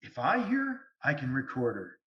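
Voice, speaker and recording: A man speaking as a guest medium, telling stories in an animated way over a video call. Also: medium pitch, moderate pace. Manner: animated, lively storytelling. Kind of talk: storytelling interview. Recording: distant, echoey, dull sound.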